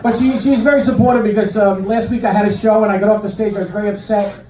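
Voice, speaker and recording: A middle-aged man doing a stand-up comedy set, telling deadpan stories full of fillers and restarts. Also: high-pitched, fast. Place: comedy club stage with live audience. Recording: echoey club mic heard from a distance. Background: audience laughter and room noise.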